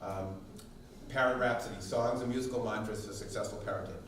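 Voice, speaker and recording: Animated man telling stories in an echoey hall. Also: on the low side, fairly quick, a little hiss or hum. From Massachusetts. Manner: animated storyteller who acts out quotes and sings snippets. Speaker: parenting workshop presenter. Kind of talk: storytelling talk to a parent audience. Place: large room at a town parent workshop. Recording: echoey hall recorded from far off.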